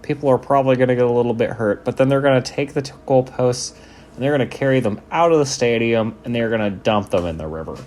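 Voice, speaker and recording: Chill guy riffing over football clips, jokey, cusses a lot, mid pitch, faint noise behind. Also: fast talker, a little mellow. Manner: laid-back, joking, swears freely. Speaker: sports video commentator. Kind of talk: casual commentary over game footage.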